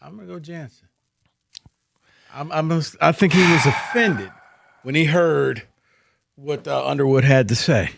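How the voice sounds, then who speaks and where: A man's voice: on the high side, measured pace, vocal fry, long pauses, noisy background. A man co-hosting a sports radio show in a studio, joking playfully with the others. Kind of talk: casual sports talk.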